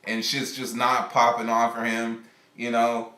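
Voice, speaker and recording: A man streaming live, telling a rambling, animated story in casual, profane chat. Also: mid-range voice, measured pace, echoey room. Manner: rambling, animated, laughs often.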